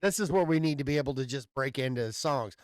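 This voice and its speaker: A podcast host with a medium-pitched voice talks fast, rambling through a story in a casual chat. He swears loosely and keeps stammering and restarting his sentences, with no echo on the recording.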